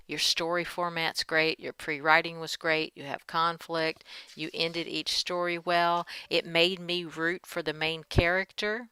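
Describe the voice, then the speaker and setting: A woman teacher recording feedback on a student's story, reading passages aloud and commenting calmly. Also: lowish voice, a little slow, few pauses, clean tone, no room sound, low-quality recording. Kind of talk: screen-recorded writing feedback.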